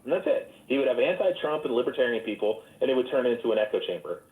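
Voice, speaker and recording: A man's voice: medium pitch, animated, fast talker. Profane man ranting over tinny echoey audio. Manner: profane, rambling, argumentative. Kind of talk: heated casual chat in an online voice room. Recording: tinny phone-like audio, roomy echo.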